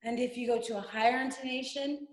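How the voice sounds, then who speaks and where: A woman as instructor leading a guided breathing and vocal exercise, giving calm step-by-step instructions between long sung vowel tones. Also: fairly high pitch, quick pace. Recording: roomy echo.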